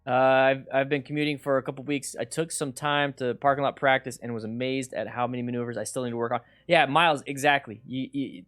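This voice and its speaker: A man's voice: mid-range voice, a bit bright. A middle-aged man hosting a casual live Q&A on a headset mic at home, reading viewer questions aloud and answering with lots of repeated words and restarts. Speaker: motorcycle coach and livestream host. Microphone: headset mic with noise gate.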